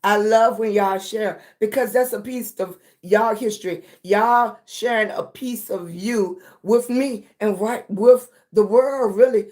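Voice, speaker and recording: A woman hosting a casual livestream chat with viewers. Her voice is slightly raspy, and she talks slowly and affectionately, sometimes short of breath. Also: mid-range voice, a little mellow. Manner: slow, breathy, affectionate, calls viewers baby. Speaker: livestream host.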